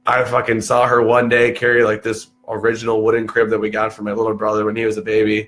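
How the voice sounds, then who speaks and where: A man's voice: fairly low pitch, quick pace. A young man from Texas, a podcast guest, telling stories in casual chat, swearing freely and saying "dude" a lot. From Texas, USA. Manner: animated storyteller, swears freely, peppers talk with "dude".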